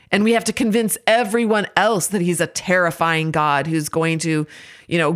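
Candid woman with a low-set voice. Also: fairly bright tone. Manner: candid, self-examining, earnest. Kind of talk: reflective faith-themed monologue.

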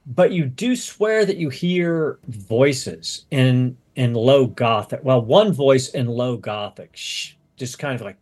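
A man narrates a tabletop game as game master, casual and full of restarts. His voice has a slightly husky grain. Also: mid-range voice, expressive, a little mellow. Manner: casual, halting, many restarts.

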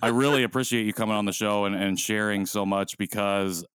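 A man co-hosting a podcast, speaking in an earnest, measured way. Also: fairly low pitch, steady tone, fairly bright tone, clear, resonant tone, no echo. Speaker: podcast co-host. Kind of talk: casual podcast talk.

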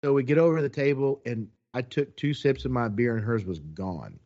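A man telling a long story in a casual, animated way, quoting people as he goes. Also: medium pitch, fairly quick, dull audio.

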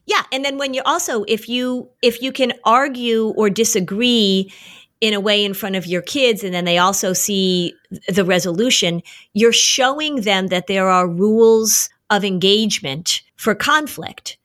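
A middle-aged woman talks through parenting ideas on a podcast. She is earnest and explanatory, and her pitch sits in an ordinary middle range. She slips into short acted retellings of family moments. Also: a little slow, a bit bright. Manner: earnest, explanatory, acts out stories. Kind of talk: casual podcast conversation.

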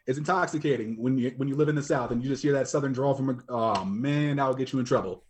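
A man's voice: mid-range voice, fast. A young man chatting casually as a podcast guest, joking and loose, with plenty of fillers. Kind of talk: casual chat.

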